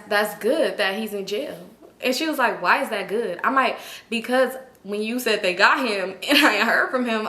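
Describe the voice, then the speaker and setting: A woman's voice: fairly high pitch, bright, forceful tone. A young woman telling a personal story to her viewers in a chatty, slangy way and often calling them "y'all". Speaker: storytime vlogger. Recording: echoey room.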